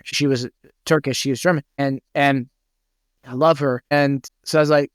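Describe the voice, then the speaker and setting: A man's voice: medium pitch, steady tone, moderate pace, no room sound, studio quality. A man hosting a podcast, talking in a thoughtful, rambling way with many restarts. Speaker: podcast host. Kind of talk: casual conversation.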